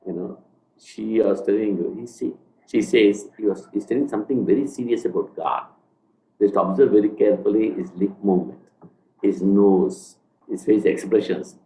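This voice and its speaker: Low-voiced Indian-accented man, laughing easily. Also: normal speed, warm tone, echoey room, a little hiss or hum, low-quality recording. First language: Indian language. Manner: apologetic, laughs often. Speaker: visiting speaker. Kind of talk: casual talk after a lecture.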